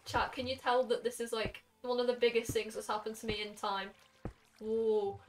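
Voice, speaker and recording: Excitable high-voiced young woman streamer. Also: normal speed, faint music behind. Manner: excitable, gushing, talks to chat. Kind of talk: casual live-stream chat. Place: her bedroom.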